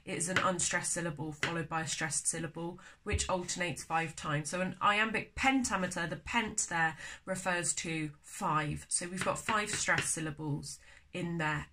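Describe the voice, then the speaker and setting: A young woman talks through a poetry lesson in a loose, conversational way. She thinks aloud, pokes fun at herself, and slows right down to sound out syllables one by one. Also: lowish voice, bright, forceful tone. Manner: chatty, thinks aloud, self-deprecating. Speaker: poetry tutor. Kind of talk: casual video lesson.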